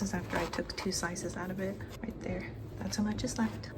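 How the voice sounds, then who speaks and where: A woman's voice: mid-range voice, flat delivery, brisk. A woman chatting casually through a home baking vlog, upbeat and self-deprecating about her first attempt. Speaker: vlogger. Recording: noisy home recording.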